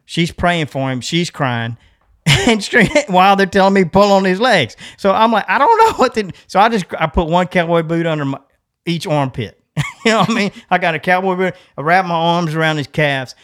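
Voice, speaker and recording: A middle-aged man with a drawl tells a story to his co-host, animated and quick to laugh. He jumps into the voices of the people in his story. His voice sits a little high for a man. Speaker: podcast co-host. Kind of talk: casual storytelling.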